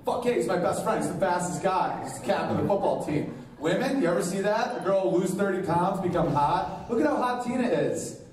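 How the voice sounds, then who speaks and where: A man's voice: sits high, brisk, few pauses, darkish tone. Brash comic man in echoey club. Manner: brash, crude observational rant. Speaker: stand-up comedian. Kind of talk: stand-up comedy set. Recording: far-off echoey club mic with crowd.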